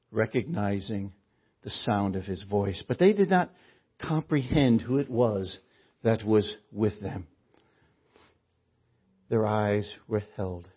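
A man's voice: on the low side, breathy edge. A male preacher giving a sermon, earnest and full of rhetorical questions. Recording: dull lo-fi recording.

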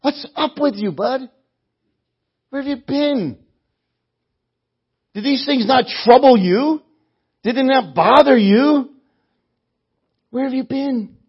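A man acting out a sarcastic, exasperated traveler who pushes his voice high and loud with disbelief. The slightly breathy voice comes through a dull, lo-fi recording. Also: takes it slowly, long pauses, exaggerated voice. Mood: sarcastic, incredulous. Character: sarcastic, incredulous male traveler.

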